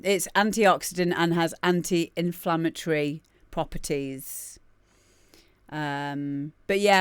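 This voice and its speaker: Woman, 30s, stream host; lowish, unhurried, chatty and giggly. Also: a bit bright, clean tone, no echo. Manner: rambling, laughing, greets chat by name. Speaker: livestream host. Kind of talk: casual chat with live viewers.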